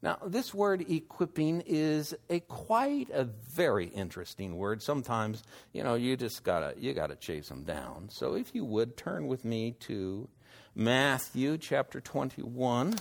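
A man preaching a sermon and reading scripture, unhurried, asking his listeners rhetorical questions. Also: mid-range voice, big pitch swings, gravelly. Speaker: pastor.

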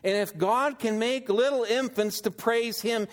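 A man preaching a sermon and reading scripture, unhurried, asking his listeners rhetorical questions. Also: very high voice. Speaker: pastor.

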